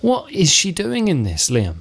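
A man's voice: fairly high pitch, huge pitch swings, measured pace, gravelly, slightly rough. A man hosting a casual film review chat, wry and rambling, with frequent restarts. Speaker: film review show host.

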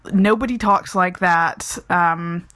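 A woman's voice: on the low side, takes it slowly, a bit bright, no echo. A woman co-hosting a film review chat, talking frankly and casually with lots of "like" and fillers. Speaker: film review podcast co-host.

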